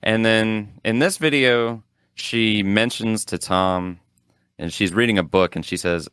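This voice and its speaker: A man's voice: on the low side, measured pace, clear, resonant tone, dry recording, studio quality. A man co-hosting a podcast, telling stories in a rambling, casual way with lots of fillers. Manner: rambling, animated storytelling with frequent fillers. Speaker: podcast co-host. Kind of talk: casual chat.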